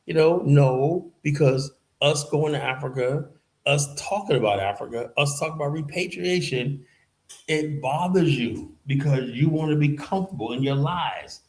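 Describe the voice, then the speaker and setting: An American man in Liberia, West Africa, hosts his own commentary channel, ranting heatedly and mocking his opponents with sarcastic put-on quotes. His voice is fairly high and darkish in tone at normal speed, and the recording is rough.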